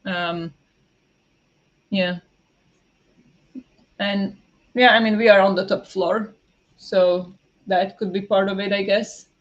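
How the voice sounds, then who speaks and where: A woman's voice: medium pitch, steady tone, slow pace, pauses often. A woman from Slovakia, chatting casually with live viewers during a reading stream, rambling with lots of fillers. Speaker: streamer hosting reading sprints. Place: home. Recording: dull lo-fi sound.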